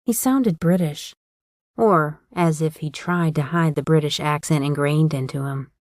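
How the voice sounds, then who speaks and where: A woman narrating a first-person paranormal romance audiobook in a wry, steady storytelling manner. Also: low-pitched, a little slow, no room sound, clean studio sound.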